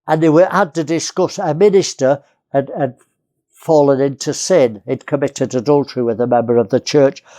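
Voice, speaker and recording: A man's voice: mid-range voice, normal speed, mellow. A man from England preaching a sermon, earnest, repeating key phrases and often restarting.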